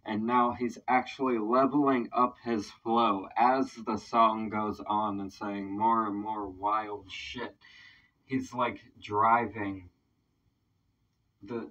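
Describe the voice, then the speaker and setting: Slow-talking man, dull distant mic. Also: on the low side. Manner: excitable, swears freely, fills with "like". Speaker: reaction video host, independent artist. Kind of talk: casual reaction commentary.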